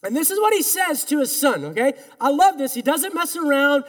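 A man's voice: extremely high pitch, big pitch swings, brisk, hardly any pauses. A male pastor preaching a sermon in earnest, emphatic tones, leading the congregation in call-and-response. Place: church sanctuary. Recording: long reverb of a large hall.

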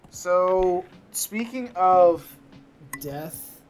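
A man's voice: high voice, drawn-out words, slight background noise. A man co-hosting a casual news podcast, rambling through stories with lots of fillers and restarts. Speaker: podcast co-host.

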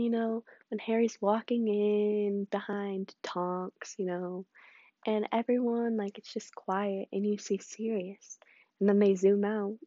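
A teenage girl rambles through a casual vlog story, gushing and animated, with plenty of swearing and filler words. Her voice has a gravelly fry and a mellow, darker tone. The sound is muffled and a little lo-fi. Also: mid-range voice, dry recording. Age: teens. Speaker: vlogger. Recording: muffled lo-fi mic.

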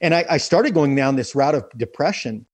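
A man with a husky, slightly breathy voice recounts his story in earnest, stumbling over repeated words when the memories run deep. The sound is dry and close, with almost no room around it. He sounds middle-aged. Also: lively intonation, fairly quick, dry recording. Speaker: guest telling his story. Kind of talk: emotional personal storytelling.

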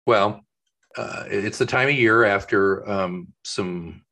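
A man with a bright, forceful voice co-hosts a relaxed podcast from his home office. He tells stories in an animated way and slips into quick voices for the characters in them. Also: on the low side. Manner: animated storyteller, acts out voices in his anecdotes. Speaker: podcast co-host. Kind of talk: casual chat.

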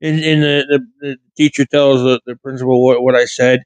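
A man's voice: medium pitch, level tone, moderate pace, dry recording, rough recording. Rambling man telling stories, dry close mic. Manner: rambling, frequent self-corrections. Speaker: vlogger. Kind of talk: casual storytelling monologue. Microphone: studio mic with pop filter.

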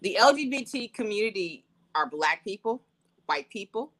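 Bright, animated woman co-host. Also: medium pitch, normal speed. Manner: animated, sassy storytelling. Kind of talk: casual pop-culture chat. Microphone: wireless earbuds.

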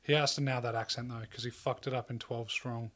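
A young man co-hosting a casual podcast chat, swearing freely, rambling and breaking into loud laughter. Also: mid-range voice, steady tone, a little fast. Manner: crude, joking, laughs loudly and rambles. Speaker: podcast co-host.

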